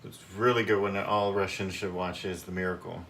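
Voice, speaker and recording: A man co-hosting a casual chat, relaxed and thinking aloud as he talks. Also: low voice, brisk. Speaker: co-host.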